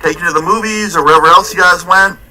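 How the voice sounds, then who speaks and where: A man's voice: high voice, quick pace, pushed and bright, soft background music, voice pushed up, rough recording. A man voicing a stern middle-aged male police chief who lectures with authority. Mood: lecturing.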